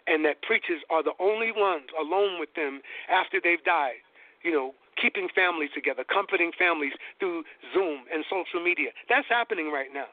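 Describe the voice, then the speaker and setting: A man's voice: on the high side, brisk, dry recording. A man giving an impassioned guest lecture, preacher-like and building to emphatic peaks, heard over a tinny phone-line connection.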